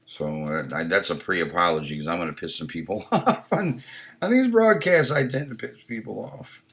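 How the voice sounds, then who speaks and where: A gravelly, low-pitched man speaks at a normal pace with a bright, forceful, expressive tone. Running a casual live stream, he reads viewer comments out loud, swears a lot, states his opinions bluntly, and restarts frequently.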